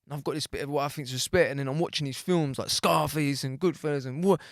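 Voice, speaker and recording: A man in his thirties, a podcast guest telling stories in animated street slang. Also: a little high, fast, creaky, no room sound, clean studio sound. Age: 30s. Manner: animated storytelling full of street slang and swearing. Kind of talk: casual storytelling interview.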